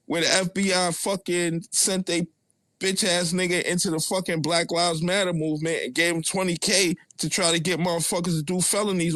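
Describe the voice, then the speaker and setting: A man with a Brooklyn accent, taunting and profane as he mocks a rival on a live audio chat. His voice sits a little high for a man. The sound is dry and close. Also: fairly bright tone, no echo. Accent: Brooklyn New York. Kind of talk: heated trash talk on a live audio chat.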